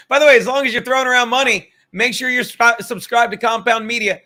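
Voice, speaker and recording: A man's voice: very high voice, fairly even intonation, brisk, sharp tone. A man hosting his own podcast, ranting in a profane, heated and sarcastic way and reading viewer chats aloud. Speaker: podcast host. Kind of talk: casual ranting monologue.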